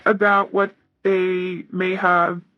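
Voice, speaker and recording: A woman giving a casual tarot reading, reading card messages aloud in a soft, hesitant way with many fillers. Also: on the low side, little pitch movement, takes it slowly, highs cut off, background noise. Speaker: tarot reader.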